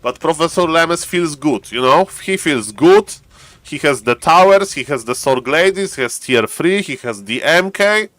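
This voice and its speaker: Man, esports caster, slightly high, playful live commentary. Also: fairly bright tone, dry recording. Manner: playful, acts out players' thoughts in banter.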